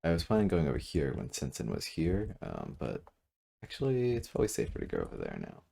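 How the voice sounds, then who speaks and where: A man commentating his own game at his computer, thinking out loud, correcting himself and trailing off with fillers, seated a little back from a desk mic. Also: rumbling low, huge pitch swings, creaky, slightly rough. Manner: musing, self-correcting, halting with fillers. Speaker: gameplay commentator. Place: room at a computer. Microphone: desk mic, sitting back from it.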